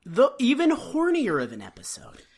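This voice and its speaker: A woman's voice: high-pitched, huge pitch swings, normal speed, a little mellow, slightly rough. A woman co-hosting a comedy podcast, rambling and joking with lots of "like" in casual chat. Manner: rambling, riffs with lots of "like" and acted-out quotes. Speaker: podcast co-host.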